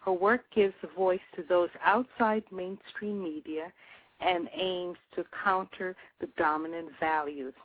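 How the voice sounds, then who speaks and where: Woman radio host reading a scripted intro, low-ish voice, phone-line sound. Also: dry recording. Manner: reads a long list of credits in measured phrases.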